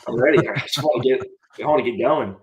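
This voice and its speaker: A man's voice: mid-range voice, fast, muffled recording. A young man in his twenties, a podcast guest and former college quarterback, telling a long story in a casual way and answering politely with "yes, sir.". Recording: roomy echo.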